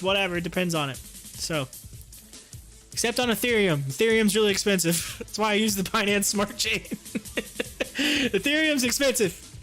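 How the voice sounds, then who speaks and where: A man hosting a casual live stream. He reads out viewer comments, talks in an animated way and laughs often. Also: high-pitched. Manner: animated, laughs often, drawls on his words. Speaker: livestream host. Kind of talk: casual livestream chat reading viewer comments.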